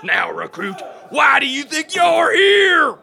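An actor playing a foul-mouthed drill sergeant who barks insults at recruits in a comedy sketch. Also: male voice, very high voice, very animated, a faint crowd, exaggerated voice. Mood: barking. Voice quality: gravelly, barking shouts. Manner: insulting, rapid-fire tirades.

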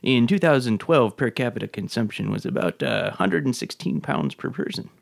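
An actor playing a calm, deadpan public radio host who keeps slipping insults into an interview. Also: male voice, medium pitch, normal speed, creaky, dry recording. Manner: calm, dry, oddly insulting questions.

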